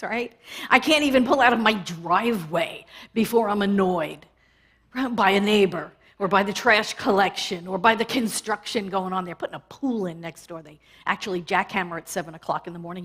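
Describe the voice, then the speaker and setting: A middle-aged woman from New York, a minister, giving a conversational, lively sermon and often asking the audience "right?". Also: medium pitch, brisk, husky.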